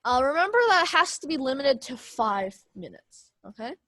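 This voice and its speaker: A woman instructing a speech class over a video call, explaining slowly with many fillers and restarts. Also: high voice, very animated, pushed and bright, dry recording.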